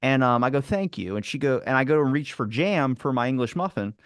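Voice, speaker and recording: A man telling a long story in casual chat, animated, swearing and acting out what people said. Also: medium pitch, brisk, clean tone, no echo, studio quality. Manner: animated, swearing, acts out quotes. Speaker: podcast guest.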